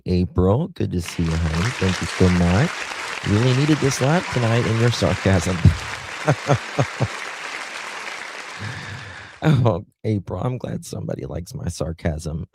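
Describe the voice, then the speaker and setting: Male livestream host, very low and husky, warm and affectionate with his viewers. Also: dry recording. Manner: affectionate, thanks viewers with endearments. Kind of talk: casual livestream chat, reading viewer comments.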